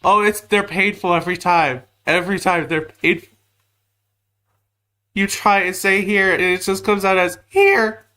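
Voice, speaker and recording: A man's voice: high voice, fairly even intonation, normal speed, pushed and bright. A man streaming live, chatting casually and joking at himself while reacting to videos. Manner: joking, chatty, self-mocking.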